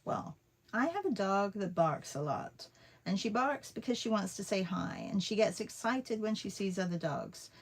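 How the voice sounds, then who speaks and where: A woman's voice: medium pitch, expressive, normal speed, slightly rough. A woman who teaches art and vlogs tells a rambling, chatty story full of fillers while she paints.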